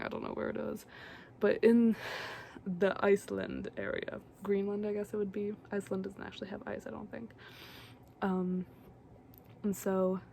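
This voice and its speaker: A woman's voice: mid-range voice, creaky, dark tone, slight background noise. A young woman casually recapping a film in a rambling, chatty way, full of fillers and asides. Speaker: vlogger recapping films.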